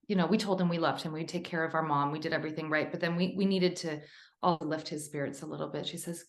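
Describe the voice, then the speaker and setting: A woman's voice: on the low side, steady tone, quick pace, echoey room. A woman author as a podcast guest, telling a personal story in an earnest, emotional, rambling way.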